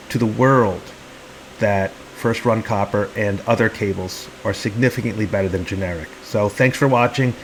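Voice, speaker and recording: A man's voice: on the low side, a little hiss or hum, poor audio. A man hosting a comedy video, narrating in a mock-serious, earnest tone and speaking for the birds he films. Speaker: channel host.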